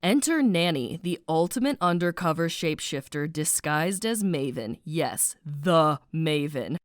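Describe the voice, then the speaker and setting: A woman narrating a snarky animated book summary, playful and sarcastic, with slang asides and spoken sound effects. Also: low-pitched, measured pace, no room sound, clean studio sound.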